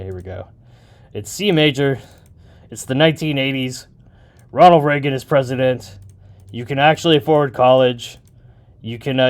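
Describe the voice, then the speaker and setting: A man thinking aloud and joking as he makes a beat, with a rambling, offhand manner. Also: mid-range voice. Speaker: music producer. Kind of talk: casual talk while making a beat.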